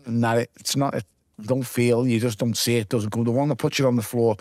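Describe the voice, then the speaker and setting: A man's voice: mid-range voice, fairly even intonation, quick pace, a little mellow, no echo. A man with a Liverpool accent, a former boxer giving a casual interview and recounting his fights blow by blow, swearing freely. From Liverpool, England.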